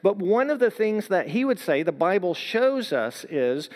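A man preaching a sermon in earnest, measured phrases, slowing down to stress quoted lines. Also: sits high, sing-song, darkish tone. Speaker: pastor. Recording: long hall reverb.

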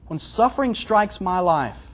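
A man preaching a sermon in an earnest, confessional way, moving between hushed and loud passages. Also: sits high, lively intonation, a little slow. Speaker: pastor.

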